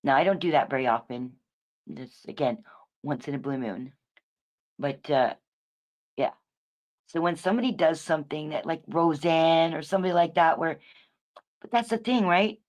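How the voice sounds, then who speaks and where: A woman's voice: deep voice, normal speed, pauses often. A woman hosting a livestream, rambling and swearing through a casual rant, often restarting her words and swinging between emphatic lines and muttered asides. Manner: profane, rambling, self-correcting. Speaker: livestream host. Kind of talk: casual ranting commentary.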